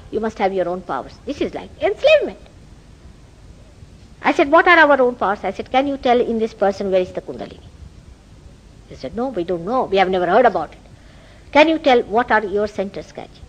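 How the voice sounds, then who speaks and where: A woman's voice: high-pitched, muffled recording. A woman from India with an Indian accent, giving a public spiritual talk as a teacher, telling stories and asking rhetorical questions. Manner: animated storytelling with rhetorical questions. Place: meeting house hall.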